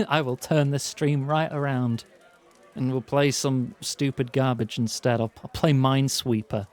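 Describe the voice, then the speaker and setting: A man's voice: mid-range voice, a little slow. A man streaming a game, chatting and laughing with viewers and reading ability text aloud. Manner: bursts of excited greetings to chat. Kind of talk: casual game commentary.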